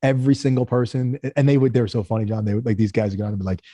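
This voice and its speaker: A man's voice: medium pitch, rapid-fire, mellow, no echo, clean studio sound. A man, a company founder, tells stories in a casual interview, acting out the people he quotes in raised voices.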